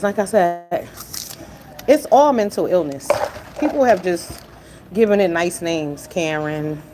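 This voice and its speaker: A woman hosting a casual live stream from her car, chatting bluntly with profanity and greeting viewers by name. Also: lowish voice. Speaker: livestream host. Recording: car noise in background.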